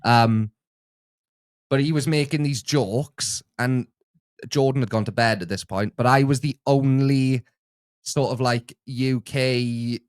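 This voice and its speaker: A man's voice: mid-range voice, steady tone, takes it slowly, clean tone, no room sound, clean studio sound. A man co-hosting a casual chat, easygoing and hesitant, often restarting his sentences. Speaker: co-host, the host's editor.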